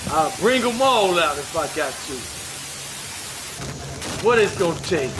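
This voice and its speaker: A man's voice: a little high, lively intonation, measured pace, heavy background noise. A man hosting a livestream, commenting on videos in an emphatic way and repeating phrases over and over. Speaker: livestream host.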